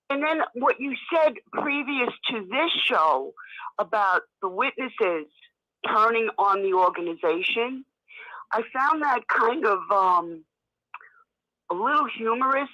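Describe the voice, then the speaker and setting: A woman's voice: medium pitch, fairly bright tone. A woman with a New York accent, calling in to a talk show and telling a story in a chatty way over the phone. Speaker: caller. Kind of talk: phone-in chat. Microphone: telephone. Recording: muffled phone line.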